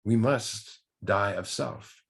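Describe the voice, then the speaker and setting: A man's voice: fairly low pitch, takes it slowly, creaky, a bit bright, husky. A man leading a recovery group study, teaching earnestly from the text with rhetorical questions and repeated key words.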